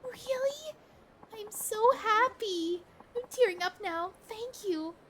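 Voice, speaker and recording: Woman doing a gushing young girlfriend, very high and squeaky, wildly swooping, emotional. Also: lively intonation, slow pace, fairly bright tone, a little hiss or hum, full character voice.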